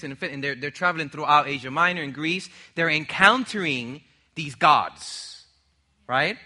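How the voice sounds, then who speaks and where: A young male preacher delivering a sermon with a strikingly bright, cutting voice, pitched slightly high for a man. He speaks emphatically and keeps drawing the congregation in with call-and-response questions. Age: young adult.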